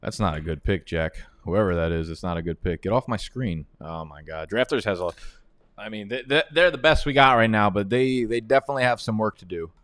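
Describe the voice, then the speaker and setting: Young male streamer, casual trash talk, lowish voice, dry close sound. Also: fairly quick, fairly bright tone, clean tone, dry recording. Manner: profane, trash-talking, joking. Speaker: fantasy football analyst. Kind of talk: casual live-stream commentary.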